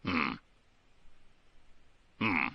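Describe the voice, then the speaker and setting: A man's voice: very slow, no echo, muffled recording. A man hosting a call-in talk show, commenting casually and laughing as he acts out what people said. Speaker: radio show host.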